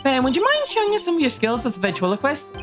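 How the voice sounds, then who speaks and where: A woman's voice: high-pitched, huge pitch swings, quick pace, music in the background, pitched above the performer's own voice. A woman voicing a cheerful young female sidekick. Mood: upbeat.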